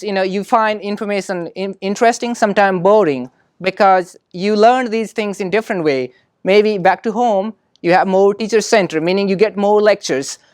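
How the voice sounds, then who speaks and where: A woman's voice: mid-range voice, no room sound. Thoughtful woman with a dry, close sound. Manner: thoughtful, frequent "you know" fillers. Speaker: speaker on international student experience. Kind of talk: conversational explanation.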